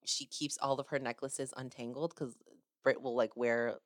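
Low-voiced woman gushing about a fan meetup. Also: moderate pace, dry recording, clean studio sound. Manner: gushing, animated storytelling with acted-out quotes. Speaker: podcast host. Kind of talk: casual chat.

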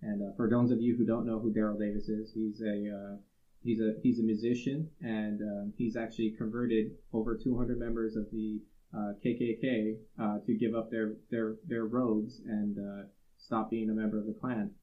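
A man's voice: fairly low pitch, flat delivery, moderate pace, dull audio. A man co-hosting a workplace podcast, retelling a story from a book in a loose, rambling way with many fillers. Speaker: podcast co-host. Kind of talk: casual podcast discussion, storytelling.

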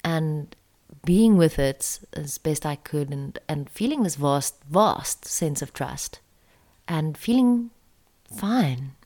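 A woman telling a personal story in a soft, confessional way that often drops close to a whisper. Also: deep voice, expressive, takes it slowly.

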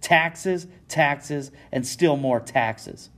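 A man voicing an angry colonial merchant who shouts his indignation. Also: mid-range voice, a little slow, lightly acted. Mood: furious. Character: furious colonial merchant man, hot-tempered rebel.

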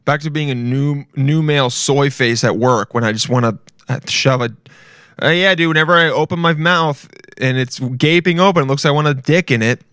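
A man's voice: mid-range voice, a little fast, fairly bright tone, clear, resonant tone, no echo. Twenties male podcast host, loose profane rambler, self-deprecating, dry close mic. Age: 20s. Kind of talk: casual solo podcast rant.

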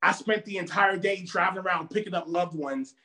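A man from Virginia in a casual chat, telling stories in an animated, emphatic way. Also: high voice, brisk. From Virginia, United States. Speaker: podcast guest.

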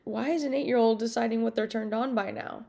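A woman's voice: fairly high pitch, fairly quick, creaky, dark tone. A woman hosting her podcast in a casual monologue, rambling and outspoken, swearing freely. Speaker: podcast host.

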